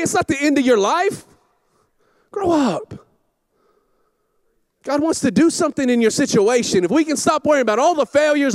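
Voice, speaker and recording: Campus pastor, man, middle-aged; high voice, lively swinging delivery, shouts in his stories. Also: no echo. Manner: animated storytelling with shouted asides. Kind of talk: sermon. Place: church auditorium.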